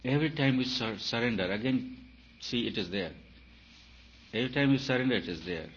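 A man giving a spiritual talk, emphatic and repetitive, his voice swelling and dropping in loudness. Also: mid-range voice, lively intonation, a little fast. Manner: emphatic, repeats phrases, rises and falls in loudness. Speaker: spiritual teacher. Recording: dull lo-fi recording with faint hiss.

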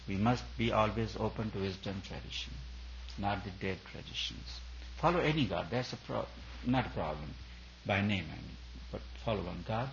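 A man with a lowish voice preaches in an emphatic, repetitive rhythm, stacking phrase on phrase. The recording is dull and lo-fi, with a faint hum underneath. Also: creaky, fairly bright tone. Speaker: spiritual teacher. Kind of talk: sermon.

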